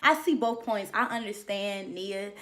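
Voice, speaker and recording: A woman's voice: mid-range voice, measured pace, fairly bright tone. A woman giving a casual, profane and sassy review of a reality TV episode, with emphatic commentary. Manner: mocks people by mimicking their lines. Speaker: reality TV recap vlogger.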